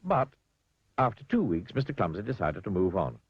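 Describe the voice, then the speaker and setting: A man reading a children's storybook aloud in an expressive, playful way, sometimes speaking to the listener. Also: low voice, fairly quick, husky, no room sound, muffled recording.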